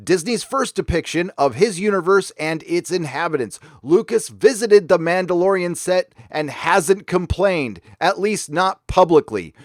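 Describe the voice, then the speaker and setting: A man's voice: high-pitched, expressive, unhurried, hardly any pauses, no echo, studio quality. A man hosting opinionated fan commentary, talking in a sarcastic, emphatic way. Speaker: YouTube commentary host.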